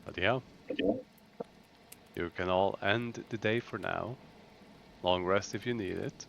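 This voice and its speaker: Guy dm'ing a tabletop game, lowish voice, calm and matter of fact. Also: slow pace, vocal fry, lo-fi sound, slight background noise. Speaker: dungeon master.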